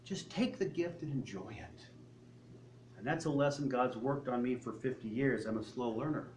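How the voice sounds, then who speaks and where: A man's voice: mid-range voice, moderate pace, darkish tone, a little hiss or hum. An older man preaching a sermon in a conversational way, acting out little dialogues with God and the congregation. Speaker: pastor.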